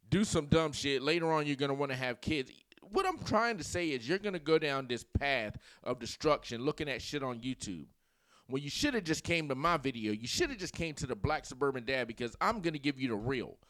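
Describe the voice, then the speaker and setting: A man hosting his channel with comedic commentary who is animated and keeps rambling into tangents. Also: on the high side, no room sound, clean studio sound. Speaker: channel host.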